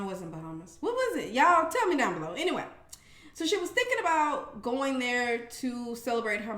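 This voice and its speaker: A woman's voice: high-pitched, a bit bright. A woman giving a blunt, sassy, casual recap of a reality show, swearing and talking straight to her viewers. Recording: roomy echo.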